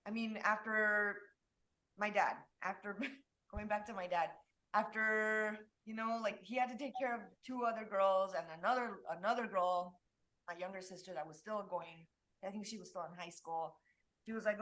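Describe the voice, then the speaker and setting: Bright-voiced woman, chatty and loose. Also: medium pitch, steady tone, moderate pace. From Mexico. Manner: chatty, with many restarts. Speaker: designer and guest. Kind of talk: casual conversation.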